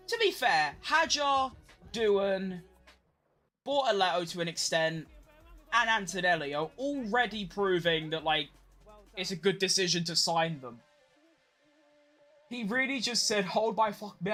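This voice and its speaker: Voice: mid-range voice, bright, forceful tone. A young adult, hosting a casual live watch-along stream and rambling through chatty commentary with the odd swear.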